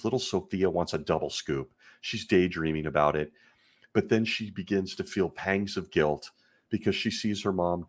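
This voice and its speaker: Husky, low-voiced man, earnest and indignant. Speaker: podcast host. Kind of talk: commentary on a religion he left.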